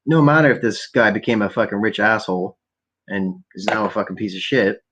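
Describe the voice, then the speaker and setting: Here a lowish-voiced Canadian man talks fairly quickly, with dull highs and background noise in the recording. He hosts a late-night solo laptop podcast from home, high and profane, rambling and ranting while keeping his volume down for neighbors.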